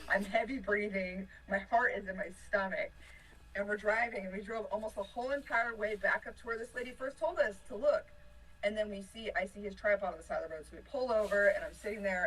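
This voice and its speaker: A woman from a touring band telling an animated story in a casual interview, laughing often and swinging between excitement and panic. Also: mid-range voice, breathy edge, distant mic, poor audio. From United States. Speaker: band member.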